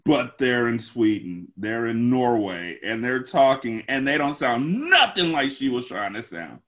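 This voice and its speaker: A man's voice: medium pitch, very animated, unhurried, fairly bright tone. Joking, slangy man on a podcast. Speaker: podcast co-host. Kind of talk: casual movie discussion.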